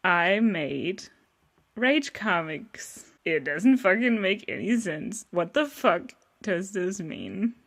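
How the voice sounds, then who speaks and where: A woman's voice: lowish voice, big pitch swings, slow pace, vocal fry. A young woman casually commenting on her old artwork, self-mocking, swearing and laughing often, often trailing off mid-sentence. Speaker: vlogger.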